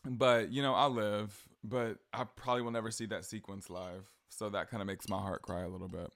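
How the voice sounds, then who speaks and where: A man's voice: on the low side, steady tone, a little fast, a bit bright. A man hosting a casual pop culture podcast, gushing and rambling, swearing freely as he talks. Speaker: podcast host.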